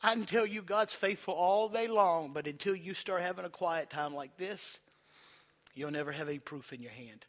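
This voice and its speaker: A male pastor preaching a sermon, calling on the congregation to respond and repeat after him, moving between quiet, slow passages and loud, emphatic ones. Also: high-pitched.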